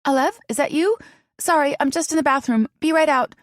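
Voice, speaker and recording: A woman's voice: fairly high pitch, expressive, normal speed, gravelly, a little mellow, no room sound, clean studio sound, voice pushed up. A woman voicing a flustered, eager young woman in her thirties who stammers and sounds breathless. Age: 30s.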